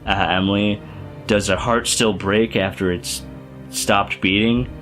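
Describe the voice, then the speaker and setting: A man doing a quick impression of a scheming, sneering aristocratic villain, with a slow, drawling delivery. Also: on the low side, fairly even intonation, a bit bright, faint music behind.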